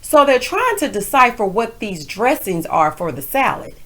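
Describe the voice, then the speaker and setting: Woman, TV recap rant, sassy, fairly high voice, lively pitch swings. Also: moderate pace. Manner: sassy, animated, calls viewers honey and child. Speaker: TV recap reviewer.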